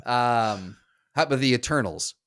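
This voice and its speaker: A man's voice: medium pitch, lively intonation, normal speed, noisy background. A man co-hosting a casual podcast, guessing playfully with lots of hesitation and casual swearing. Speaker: podcast co-host.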